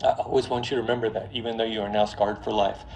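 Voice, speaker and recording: A man lecturing on finance in a classroom, telling a story in a lively, joking way straight to his students. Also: lowish voice, fast, gravelly, a little hiss or hum. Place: classroom before a live audience.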